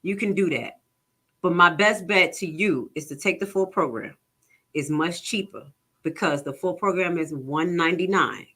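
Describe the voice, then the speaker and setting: A woman's voice: on the low side, a bit bright, breathy edge. A woman giving a casual, chatty lesson, reading legal text aloud and explaining it in plain talk. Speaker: tax lien investing instructor. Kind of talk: casual teaching webinar.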